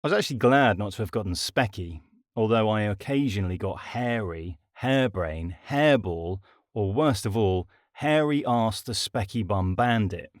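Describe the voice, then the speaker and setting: Wry male audiobook narrator, low voice. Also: lively intonation, normal speed, no echo, clean studio sound. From Britain. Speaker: author and narrator.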